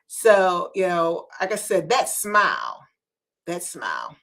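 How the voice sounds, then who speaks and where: A woman's voice: on the low side, very animated, slow pace. Earnest woman giving motivational talk. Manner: earnest, preacher-like encouragement with hushed asides. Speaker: podcast host. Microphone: video call.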